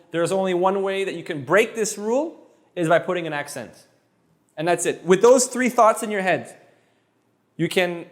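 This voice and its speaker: Animated high-voiced man teaching Spanish. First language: French. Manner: animated, quick, with playful asides and repeated words. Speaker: Spanish tutor. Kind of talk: energetic one-on-one language lesson.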